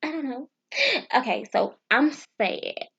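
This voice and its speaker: A woman with a slightly high voice talks slowly through foreign phrases, stopping and restarting as she sounds out words. Her asides are nervous and self-deprecating. The camera-mic audio is dull and lo-fi. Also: expressive, creaky, fairly bright tone, husky. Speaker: vlogger. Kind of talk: casual language practice vlog.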